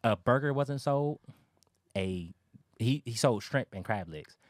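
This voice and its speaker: A man telling a story as a guest on a talk show, animated and acting out other people's lines. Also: medium pitch, measured pace, no echo, clean studio sound.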